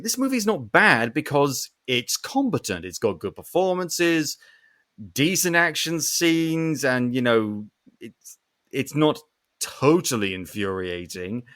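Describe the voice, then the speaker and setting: A man's voice: a little high, big pitch swings, unhurried, fairly bright tone. A man hosting a podcast, ranting animatedly through a casual film review and swearing often. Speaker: podcast host.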